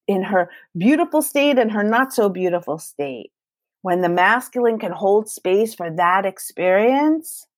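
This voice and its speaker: A woman's voice: fairly low pitch, a little mellow, no room sound, studio quality. A woman in her forties, a guest on an interview, speaking earnestly and emphatically about parenting and love, often acting out her own past conversations. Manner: earnest and emphatic, quoting herself in dialogue.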